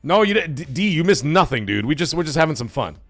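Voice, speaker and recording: A man's voice: on the high side, sing-song, fast talker, a bit bright, dry recording, faint music behind. A man hosting a casual gaming livestream, chatty and rambling, laughing often as he reads chat. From Italian-American background. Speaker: livestream host.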